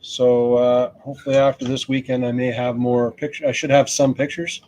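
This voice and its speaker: A man's voice: mid-range voice, normal speed. Laid-back man hosting a hobby chat. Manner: relaxed, joking, talks while unboxing. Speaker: host. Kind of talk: casual chat.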